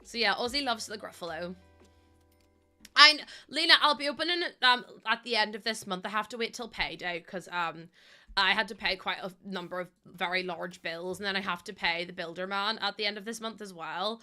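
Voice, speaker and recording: Giggly streamer lady, rambly with lots of ums, bright voice, faint game music underneath. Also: medium pitch, brisk. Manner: coos in baby talk to her dog. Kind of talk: casual gameplay chat.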